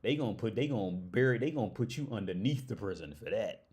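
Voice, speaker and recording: A young man hosting a casual livestream, swearing freely and breaking into loud laughs. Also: fairly low pitch, lively intonation, quick pace, slightly rough. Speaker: livestream host.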